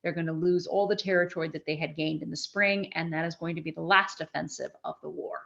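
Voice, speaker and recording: A woman with a low, gravelly voice speaks fast while giving an animated, conversational history lecture to a live audience, with frequent restarts. The recording sounds dull.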